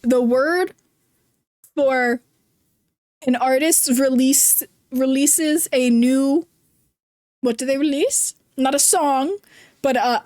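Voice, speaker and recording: Giggly high-voiced Jersey woman streamer. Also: darkish tone, no room sound, studio quality. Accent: New Jersey. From New Jersey. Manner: rambling, giggly, self-deprecating. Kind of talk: casual chat while gaming, reading chat.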